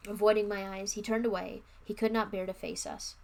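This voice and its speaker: A woman's voice: medium pitch, level tone, a little fast, gravelly, a little mellow. Young woman reading a book aloud, wry asides. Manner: wry, offhand, chatty asides.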